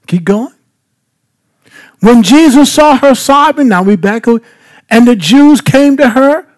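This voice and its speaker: A male pastor teaching a Bible passage as a sermon, often asking the congregation questions for them to answer and repeating phrases for emphasis. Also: very high-pitched. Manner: asks the congregation rhetorical questions to fill in.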